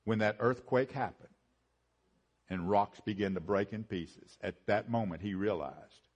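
A man preaching a sermon, swinging from rising, emphatic build-ups to hushed low lines and repeating phrases for emphasis. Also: measured pace, breathy edge.

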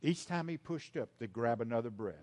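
An older man from the United States preaching a sermon, swinging from loud emphasis to hushed lines and repeating key phrases. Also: medium pitch, lively intonation, brisk.

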